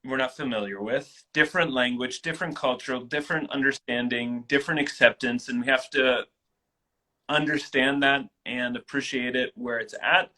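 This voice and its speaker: Bright-voiced man telling stories. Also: mid-range voice, moderate pace, rough recording. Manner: animated, acts out quoted voices. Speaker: guest. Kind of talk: casual interview storytelling.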